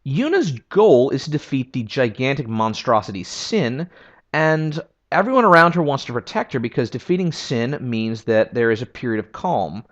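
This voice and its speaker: A man's voice: mid-range voice, very animated, normal speed, a bit bright, lo-fi sound. A man giving casual, opinionated video essay commentary as a game history reviewer. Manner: opinionated and conversational.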